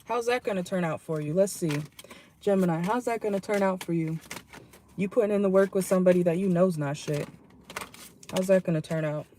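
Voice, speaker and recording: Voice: medium pitch, brisk, mellow, slight background noise. A tarot reader giving a casual channeled reading from a parked car, talking bluntly with salty language and frequent laughs.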